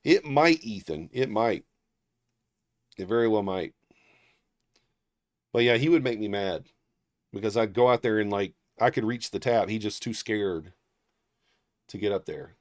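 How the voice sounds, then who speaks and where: A man with a lowish voice hosts a casual livestream, telling loose, rambling stories packed with fillers. He breaks off to read viewer names aloud and thank them. The sound is dry and close, with no room echo. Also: unhurried, long pauses. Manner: rambling storyteller, heavy on fillers and restarts. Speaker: livestream trading host.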